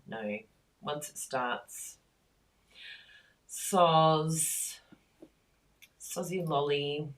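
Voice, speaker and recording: A woman hosting a casual crafting live stream, chatty and easily excited. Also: sits low, gravelly. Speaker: crafting livestream host.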